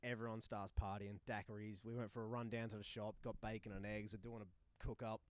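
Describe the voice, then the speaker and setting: A young man telling a tour story with swearing, acting out voices and shouting punchlines. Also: lowish voice, level tone, brisk, no echo. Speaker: touring musician guest. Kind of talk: animated storytelling. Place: live recording in a bar.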